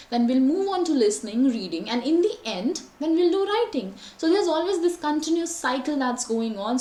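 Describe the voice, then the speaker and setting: A young woman teaching an online exam-prep lesson, with lively, varied intonation and frequent fillers. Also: high voice. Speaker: IELTS teacher. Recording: echoey room, faint background noise.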